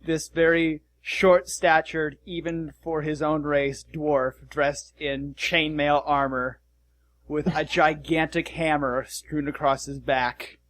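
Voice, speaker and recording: Bright-voiced man running a tabletop game. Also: on the high side, level tone, takes it slowly. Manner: casual, loose narration with restarts. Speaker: game master.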